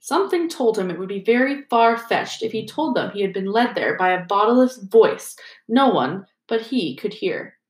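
A woman reading a novel aloud in a measured, expressive narration. Her voice rings in a roomy, echoing space. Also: mid-range voice. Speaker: audiobook reader. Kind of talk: audiobook narration. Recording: roomy echo.

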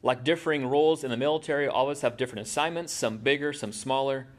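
A male pastor speaks fast at a medium pitch while preaching in a church. His sermon is conversational, sprinkled with quips aimed at the congregation.

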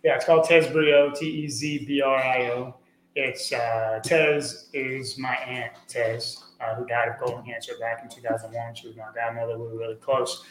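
A man talking as a podcast guest, earnest and rambling, with many fillers, getting lively when he tells stories. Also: mid-range voice, normal speed. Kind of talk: conversational interview. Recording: echoey room with faint noise.

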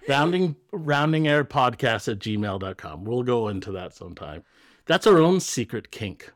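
This podcast co-host is a man with a medium-pitched voice that swings widely in pitch as he talks at a moderate pace. He jokes around loosely and swears freely, and the dry recording has clean studio quality.

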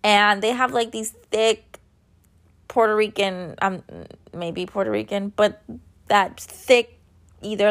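A woman's voice: medium pitch, fairly bright tone. A woman in her thirties tells a long story in a loose, chatty monologue. She rambles, fills gaps with filler words and swears bluntly. She sounds a little worn out. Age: 30s. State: tired.

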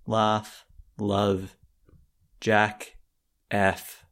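Low-voiced man teasing his co-host. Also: extremely slow. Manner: teasing, deadpan jokes. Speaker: podcast co-host and game master. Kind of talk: casual comedic chat.

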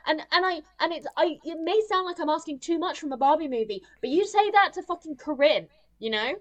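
Casting note: woman podcast co-host, fairly high voice, ranting film critique, lots of swearing. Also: brisk, hardly any pauses. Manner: ranting, sweary, acts out characters in quotes. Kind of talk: casual film review chat.

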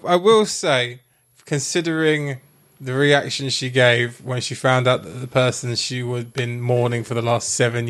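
A man's voice: medium pitch, fairly bright tone. A man co-hosting a podcast, giving sarcastic, opinionated takes in casual chat. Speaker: podcast co-host.

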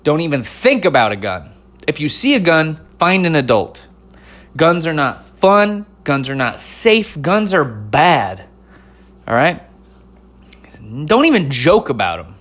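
A man voicing a friendly old Southern police officer lecturing schoolkids about gun safety, with a slow folksy drawl and a Southern accent. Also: a little high, sing-song, a bit bright, pitched above the performer's own voice, heavily acted. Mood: stern lecture.

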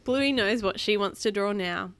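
A mum reads a children's picture book aloud at home, stopping for friendly asides to her child. Her voice sits at an ordinary middle pitch. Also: normal speed, clear, resonant tone. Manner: warm, chatty asides to a child. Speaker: parent reading to child.

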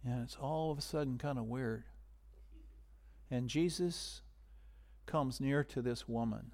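A man preaching a sermon in a conversational way, rising to loud emphasis and dropping to hushed whispers. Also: medium pitch, measured pace, pauses often. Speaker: pastor.

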